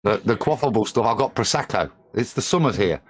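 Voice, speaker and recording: A man's voice: fairly low pitch, expressive, a little fast, husky. A man chatting casually on a live stream, talking in a detailed way that thinks aloud.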